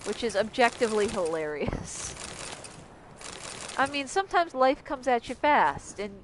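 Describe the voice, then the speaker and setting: A woman's voice: on the high side, very animated, unhurried, background noise. A young adult woman streaming a game, ranting casually with lots of swearing and sarcasm. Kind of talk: casual livestream commentary.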